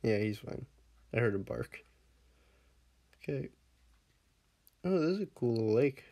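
A man's voice: mid-range voice, expressive, a little slow, gravelly, dark tone. A man casually commenting on his game as he plays, laughing often and scolding his pet dog in the game before fussing over him. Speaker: Minecraft let's player.

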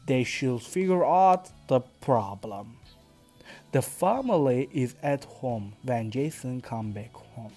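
A Turkish-accented man reads a simple story aloud for English learners, slowly and carefully, correcting himself now and then. His pitch sits in the middle range. Faint music plays in the background. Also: warm tone. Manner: careful, deliberate, self-correcting. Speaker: podcast host reading his story. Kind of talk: slow read-aloud narration for English learners.

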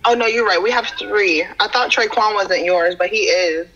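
Sassy young woman, husky bright voice. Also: mid-range voice, moderate pace, highs cut off. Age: young adult. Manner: sassy, plays along with a mock argument. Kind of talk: casual video chat.

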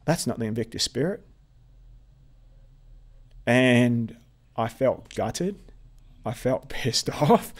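A man from Australia, a podcast guest telling a personal story in a halting way, often repeating words. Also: mid-range voice.

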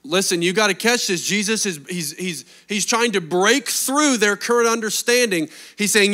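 A man preaching a sermon in an animated way, firing off rhetorical questions to the congregation. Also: high voice, moderate pace, hardly any pauses. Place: church service.

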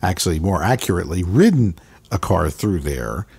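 Middle-aged guy, a bit husky, voice moves up and down a lot, dry jokey comments. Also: low-pitched, big pitch swings, normal speed, darkish tone. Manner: wry, dry quips. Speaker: podcast co-host. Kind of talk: casual chat.

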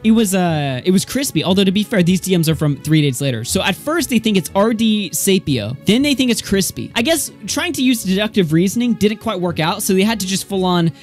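A man's voice: lively intonation, a little fast, few pauses, faint music behind. A man streaming commentary, reading out chat screenshots in a sarcastic, incredulous way. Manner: sarcastic, incredulous, rants rising in pitch.

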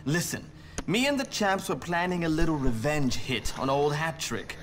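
A man's voice: fairly high pitch, big pitch swings, moderate pace. A man voicing a snobbish rich teen boy in a video game, talking in a haughty, affected upper-class drawl. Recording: game audio with faint noise.

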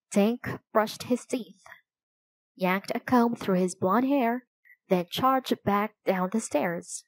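Slow, measured woman reading a storybook. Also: mid-range voice, no room sound, rough recording. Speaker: storybook reader. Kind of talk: reading a children's chapter book aloud.

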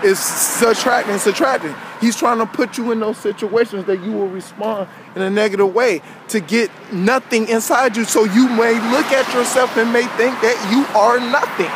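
A man's voice: high-pitched, fairly even intonation, moderate pace, few pauses. A man giving a casual, conversational sermon, constantly checking in with his listeners as he preaches. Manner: conversational, peppered with "you know what I'm saying". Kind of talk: informal street-style sermon. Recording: outdoor traffic noise behind voice.

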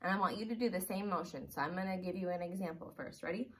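A woman teaching preschoolers at circle time, slightly hoarse from losing her voice, drawing out words in a sing-song way. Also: lowish voice, fast, a bit bright. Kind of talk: circle time lesson for young children.

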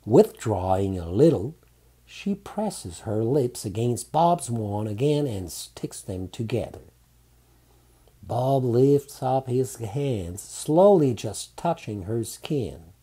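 A man narrating a romantic audiobook in a calm, unhurried reading. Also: medium pitch, slightly rough.

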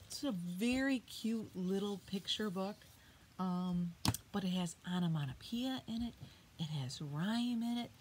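A middle-aged woman teacher reading poems aloud to children, booming out the sound words and asking them questions. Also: a little hiss or hum. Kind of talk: read-aloud poetry lesson for children. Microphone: iPad.

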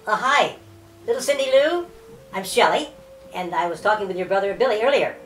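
A woman's voice: mid-range voice, expressive, fairly quick, over music, lightly acted. A woman playing an aging male elf salesman in an amateur comedy parody, hesitant at first and then pushy and wheedling.

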